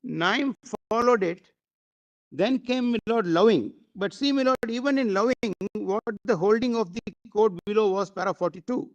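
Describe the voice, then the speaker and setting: High-voiced Indian advocate addressing the bench. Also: male voice, lo-fi sound. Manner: addresses the bench as "my lord" constantly, with halting fillers. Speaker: advocate arguing before the court. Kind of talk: formal courtroom argument. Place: courtroom.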